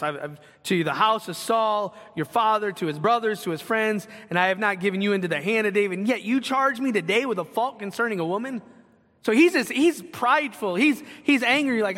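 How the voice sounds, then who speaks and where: Male preacher, high and bright, lively teaching sermon with questions. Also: long reverb tail. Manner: animated teaching with questions to the congregation. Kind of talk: expository sermon.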